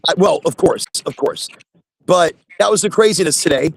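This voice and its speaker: A high-pitched man with a gravelly edge hosts a casual live chat, talking from his phone while sitting in his truck. He rambles and repeats himself. The sound is dry and close. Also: moderate pace, dry recording. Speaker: host.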